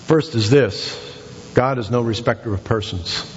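A male pastor preaching a sermon in a church, building to excited, emphatic exhortations with repeated phrases. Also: mid-range voice, a little slow, a little hiss or hum. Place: church sanctuary. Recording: dull sound with long hall reverb.

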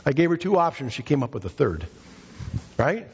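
A man's voice: a little high, big pitch swings, brisk, husky. A male pastor preaching a fervent, emphatic sermon in a church, often repeating his phrases for emphasis. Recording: reverberant hall, dull lo-fi sound.

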